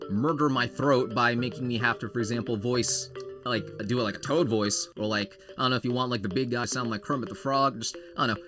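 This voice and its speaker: A man hosting a charity game stream, reading the characters aloud in many voices and chatting loosely. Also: medium pitch.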